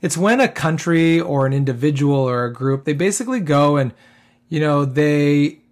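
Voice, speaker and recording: A man's voice: a little high, moderate pace. A man hosting a casual solo podcast, rambling with lots of fillers and tag questions, his voice getting worn. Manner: rambling, filler-heavy, keeps tagging "okay?". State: losing his voice. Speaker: podcast host.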